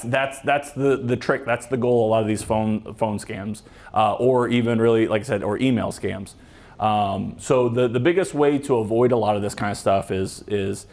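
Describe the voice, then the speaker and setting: A man's voice: mid-range voice, a little mellow. A man, a police officer giving a casual talk to a club, joking and rambling with many fillers and restarts. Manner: joking, chatty, acts out quoted voices.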